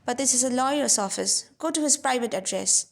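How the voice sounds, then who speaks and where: Woman reading a fussy old male clerk, gravelly. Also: a little high, fairly even intonation, normal speed, darkish tone, close to an everyday voice. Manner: fussy, flustered, murmuring figures.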